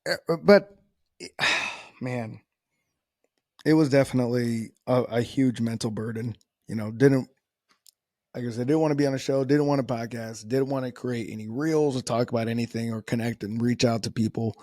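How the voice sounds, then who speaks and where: A man's voice: mid-range voice, normal speed, a little mellow, no echo, clean studio sound. A man hosting a solo podcast, talking casually in a rambling, self-deprecating way with frequent restarts. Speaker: podcast host.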